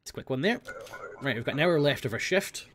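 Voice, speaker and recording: Let's play guy, kinda high voice, mumbly running commentary, swears a bit. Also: lively intonation, fast talker, a bit bright, slight background noise. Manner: chatty, mutters through checks, sweary. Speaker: gaming video host.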